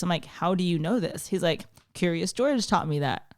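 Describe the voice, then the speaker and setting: A woman's voice: lowish voice, lively intonation, normal speed. A woman, chatting as a podcast guest and telling stories with lots of fillers. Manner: chatty storyteller with many fillers. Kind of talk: casual chat.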